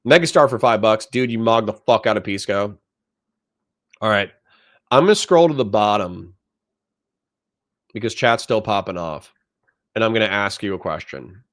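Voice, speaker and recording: A young man hosting a casual livestream, reading chat comments aloud and reacting in a profane, animated way. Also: fairly low pitch, normal speed, long pauses. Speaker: livestream host.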